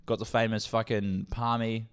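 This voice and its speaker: A man's voice: on the low side, level tone, normal speed, clean tone. A man, co-hosting a podcast in crude, rambling casual chat. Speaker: podcast co-host.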